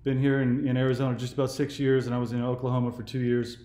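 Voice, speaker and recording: A man's voice: mid-range voice, level tone, fast talker, dark tone, reverberant. A man in his forties from California, hosting a casual phone conversation for his channel in an easygoing, meandering way. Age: 40s. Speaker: YouTube host.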